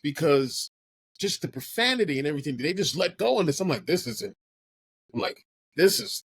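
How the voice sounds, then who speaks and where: A man hosting a casual geeky chat, excitable, stammering and restarting, his voice jumping high when animated. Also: moderate pace, no echo, low-quality recording. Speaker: podcast host.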